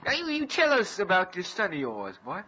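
A man's voice: high voice, wildly swooping pitch, a little fast, slight background noise, exaggerated voice. A man voicing a bumbling folksy detective in an amateur comedy radio play, drawling and tacking "boy" onto his lines. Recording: lo-fi with loud music behind.

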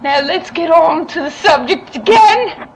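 A woman's voice: very high voice, lively intonation, a little slow, a crowd in the background, poor audio. A woman in a homemade radio comedy, playing a prim lecturing teacher with a put-on English accent. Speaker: amateur radio-play actor as a pompous literature teacher.

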